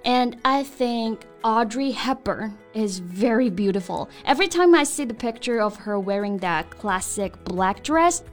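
A woman co-hosts a casual language lesson, chatting in a lively, laughing manner. Her voice sits a little high. Soft music plays faintly beneath her. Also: measured pace, few pauses. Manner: lively, laughs often, switches between English and Mandarin. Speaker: co-host teaching English. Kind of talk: casual bilingual lesson chat.

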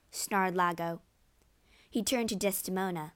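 Slow storybook narrator, woman. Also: on the low side, dry recording.

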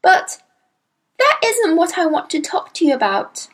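A woman's voice: extremely high pitch, sing-song, a little slow, pitched above the performer's own voice, full character voice. A woman reading a storybook aloud, voicing an earnest little schoolgirl with eager, pleading urgency.

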